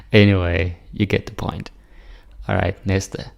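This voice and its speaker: A man teaching Danish pronunciation, slowly repeating word lists with short dry asides. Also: deep voice, little pitch movement, vocal fry. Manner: slow, repetitive word drills with dry asides. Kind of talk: pronunciation lesson with repeated drills.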